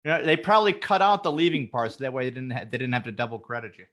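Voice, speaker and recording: A man's voice: mid-range voice, very fast, a bit bright. A man co-hosting a podcast, rambling and cracking jokes with lots of fillers, on a video call. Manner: rambling, wisecracking, many fillers. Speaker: podcast co-host. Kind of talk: casual podcast banter.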